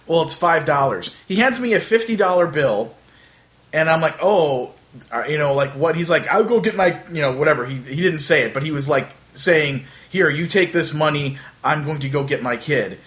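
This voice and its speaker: Rambling man telling a story. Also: a little high. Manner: rambling with many fillers, animated retelling. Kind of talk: casual storytelling chat.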